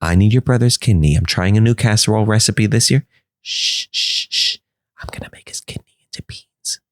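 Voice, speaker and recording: A man voicing a creepy male doctor who hushes a woman and whispers about taking organs, in a whispered role-play. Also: fairly low pitch, fast, no echo, studio quality, natural voice. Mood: sinister. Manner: hushing, murmured, sinister.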